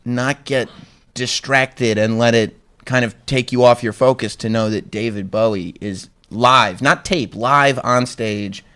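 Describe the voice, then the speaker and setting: A man interviewing a guest, asking quick, eager follow-up questions. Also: mid-range voice, fairly even intonation, pushed and bright, smooth. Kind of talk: casual interview.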